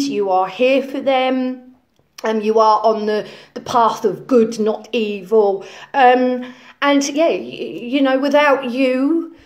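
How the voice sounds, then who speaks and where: A woman playing a self-important conspiracy influencer in a comedy parody lesson, preaching in a rambling way full of ums and repeated phrases. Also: high voice. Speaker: lecturing influencer character.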